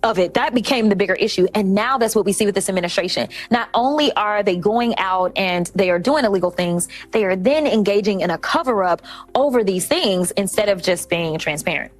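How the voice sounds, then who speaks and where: A woman's voice: mid-range voice, lively intonation, fairly quick, soft background music. Assertive woman explaining on a panel. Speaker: panel commentator. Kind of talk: panel discussion.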